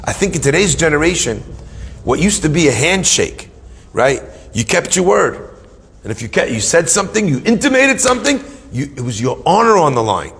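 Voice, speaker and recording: A man giving a storytelling Torah lesson, acting out the quotes and swinging between hushed and emphatic. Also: fairly high pitch, big pitch swings, normal speed, creaky, big-room sound. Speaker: rabbi giving a Torah talk.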